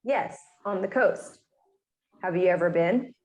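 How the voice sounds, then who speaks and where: A woman's voice: lowish voice, unhurried, darkish tone, reverberant, dull audio, close to an everyday voice. A woman playing an easygoing speaker in a scripted textbook dialogue, with a plain, matter-of-fact delivery.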